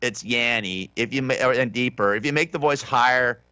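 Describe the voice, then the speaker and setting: A man's voice: medium pitch, fairly quick, bright, forceful tone, smooth, dry recording, muffled recording. A man hosting a talk radio show, rambling through the day's stories in an offhand, sarcastic way with many restarts. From Southern California. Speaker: radio host. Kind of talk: casual talk radio monologue.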